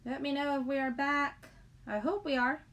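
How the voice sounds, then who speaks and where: A middle-aged woman chats on a livestream in a fairly high voice. She rambles, giggles and greets viewers in the chat as she talks. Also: steady tone, normal speed, a bit bright. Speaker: livestream host.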